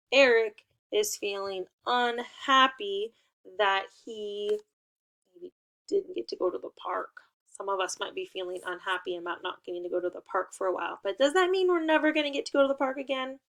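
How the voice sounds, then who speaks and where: Woman teacher, unhurried delivery, encouraging and instructive with playful prompts for young children. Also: mid-range voice, a bit bright. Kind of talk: remote class lesson for young children.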